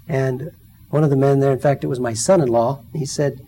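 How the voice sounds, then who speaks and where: A man's voice: medium pitch, steady tone, fairly quick, dark tone, poor audio. A man in his fifties giving a personal testimony sermon, telling stories and acting out the voices of the people in them. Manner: storytelling, acts out quoted voices.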